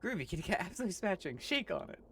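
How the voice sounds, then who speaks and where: A man's voice: high voice, sing-song, fairly bright tone, slight background noise, pitched above the performer's own voice. A man doing a groovy hipster cat. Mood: cheerful. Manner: slangy hipster talk, quick and smooth. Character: cool, groovy talking cat, smooth and laid-back.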